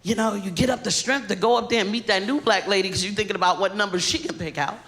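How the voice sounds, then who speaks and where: A woman comedian doing a stand-up set on stage into a handheld mic, animated and laughing through her punchlines. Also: mid-range voice, fast talker.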